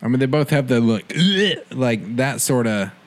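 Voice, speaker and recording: A man's voice: mid-range voice, normal speed, darkish tone. A man in casual podcast chat, rambling and hesitant, with many fillers. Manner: rambling, hesitant, says "like" often.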